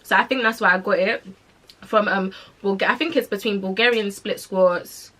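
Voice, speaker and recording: A young British woman in her twenties hosts a podcast, telling her listeners a story in relaxed, chatty speech full of London slang. Her mid-range voice holds a steady tone at a moderate pace, bright and forceful.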